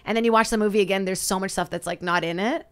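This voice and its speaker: A woman's voice: mid-range voice, fast, clear, resonant tone. A woman in her thirties, a Brazilian-born comedian with a light Brazilian Portuguese accent mixed with an American valley-girl lilt, chatting animatedly on a podcast. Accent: Brazilian Portuguese, with American valley-girl inflection. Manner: chatty, animated, drifts into impressions and laughs. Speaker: comedian, guest. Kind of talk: casual podcast chat.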